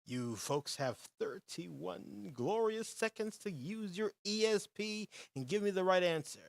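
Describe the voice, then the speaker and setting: A man's voice: sits high, lively intonation, measured pace, gravelly. A young man hosting a podcast quiz round, upbeat and announcer-like, reading out answer choices and players' picks. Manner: upbeat, announcer-like, hums filler while waiting. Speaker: podcast host running a quiz. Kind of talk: energetic quiz show hosting.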